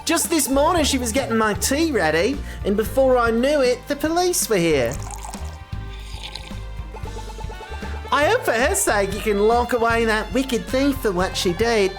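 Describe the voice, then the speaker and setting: A woman's voice: on the high side, animated, moderate pace, few pauses, soft background music, voice pushed up, close to an everyday voice. A woman voicing a gracious, wealthy lady of the house in a put-on mix of British and Australian accents, reading game dialogue aloud. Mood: concerned. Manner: lofty, polite hostess tone.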